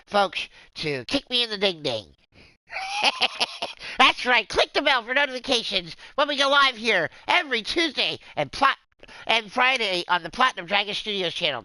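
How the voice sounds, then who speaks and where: A man's voice: high-pitched, pushed and bright, dry recording, poor audio. A man calling a wrestling game as a rambling, jokey streamer who plays a drunken clown persona. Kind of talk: excitable play-by-play game commentary.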